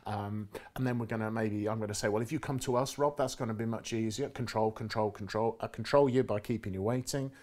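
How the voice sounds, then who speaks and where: A man's voice: fairly low pitch, steady tone, fairly quick, hardly any pauses, darkish tone. Man telling workplace stories with acted quotes. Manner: acts out quoted lines with inflection. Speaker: guest speaker on negotiation. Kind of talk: casual conversational storytelling.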